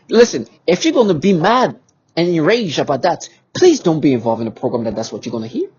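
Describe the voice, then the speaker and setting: A man with a somewhat high, husky voice delivers an agitated monologue to camera. His pitch swings widely as he presses his points with repetitive rhetorical questions. The audio is dull and lo-fi. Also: very animated, brisk, darkish tone. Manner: emphatic and repetitive, with many restarts and rhetorical questions. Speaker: vlogger.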